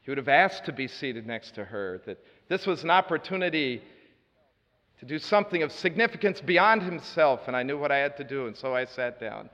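A man preaches in a large hall, telling a story with earnest conviction and a few dry asides, rising loud and dropping to a hush. His voice sits at an ordinary middle pitch. The long reverb of the room hangs on his words, and the recording sounds dull and lo-fi. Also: expressive, fairly quick. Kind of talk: sermon storytelling.

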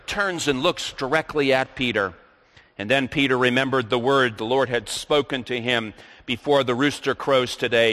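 Male preacher, sermon delivery, bright and forceful voice, long reverb of a large hall. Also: mid-range voice. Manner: reads scripture aloud, then explains it.

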